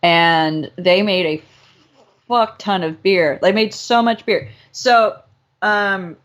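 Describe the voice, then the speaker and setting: Young woman podcast co-host from Southern California, loose and playful, mid pitch. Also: takes it slowly, fairly bright tone. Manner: casual, swears freely, playful. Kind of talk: casual chat.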